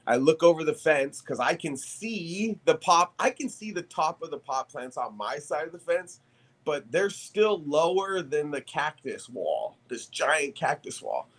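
Male podcast guest, fairly high voice, loose and swearing, storytelling with laughs. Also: measured pace. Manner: animated, profane, laughs through his story. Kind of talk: casual storytelling chat.

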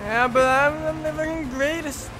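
A young man streaming a co-op game, boastful and yelling with casual swearing. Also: very high voice, fairly even intonation, moderate pace. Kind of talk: casual gaming commentary.

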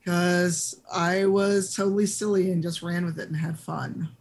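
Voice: medium pitch, steady tone, measured pace. A game master casually narrating a tabletop game scene and chatting lightly with players.

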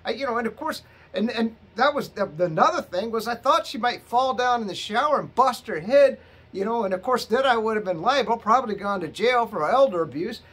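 A man's voice: very high-pitched, animated, brisk, a bit bright, slightly rough. A middle-aged man, a bit tipsy from drinking, telling a rambling, profane story to his viewers. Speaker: vlogger. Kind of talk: rambling casual monologue.

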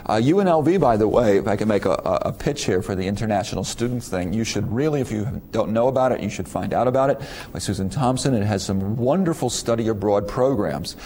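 A middle-aged man with a low voice lectures students in a loose, conversational way. He keeps firing rhetorical questions and often repeats words as he goes. A faint noise sits behind him. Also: animated, brisk, hardly any pauses, dark tone. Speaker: university lecturer.

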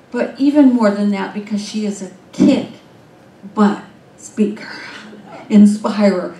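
A woman minister giving a sermon, telling a story in a lively, animated way. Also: mid-range voice. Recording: roomy, from far off.

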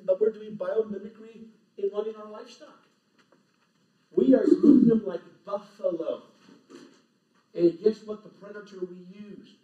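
A man giving an animated, emphatic lecture to a live audience, speaking in short punchy phrases. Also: high-pitched. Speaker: conference speaker. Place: large lecture hall. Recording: echoey hall, distant, dull lo-fi.

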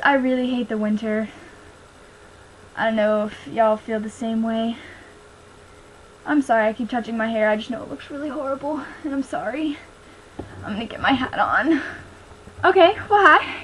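A woman's voice: high-pitched, slight background noise, poor audio. A young woman chatting casually in a video diary, bouncy and self-conscious. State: out of breath. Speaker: vlogger.

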